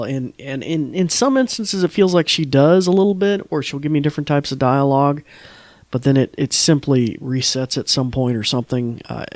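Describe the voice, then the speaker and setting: A man's voice: mid-range voice, no echo. A man hosting a tech podcast, talking in a loose, casual way with restarts. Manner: loose, restarting, chuckling commentary. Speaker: podcast host.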